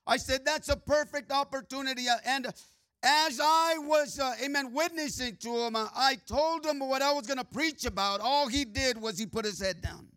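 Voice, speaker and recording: A preacher delivers a sermon in a high, bright voice, reading scripture in sing-song swells at a slow pace. He peppers his phrases with "uh" and "amen," and the smooth recording is dry and close with no room sound.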